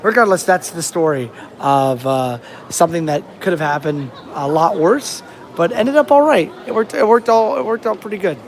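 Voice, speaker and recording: A young man from the States talks to his camera outdoors, rambling through a travel story and restarting his sentences often. His voice sits a bit high for a man, and faint outdoor ambience hums behind him. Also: lively intonation, moderate pace, some chatter behind, a little hiss or hum. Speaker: travel vlogger. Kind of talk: casual vlog storytelling. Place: outdoors on a rainy beach.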